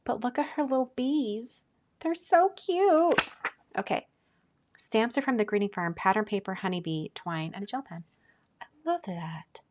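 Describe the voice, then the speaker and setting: A woman hosting a casual live stream, chatting and gushing as she opens mail, often dropping to a soft whisper. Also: mid-range voice, moderate pace, a little hiss or hum. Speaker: card-making channel host.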